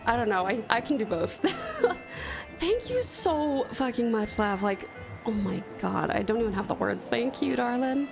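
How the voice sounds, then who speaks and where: Streaming from home with music playing behind her, an Australian woman chats casually in an unhurried, creaky voice that sits on the high side and swings widely in pitch. She gushes thanks to her viewers, calling them pet names.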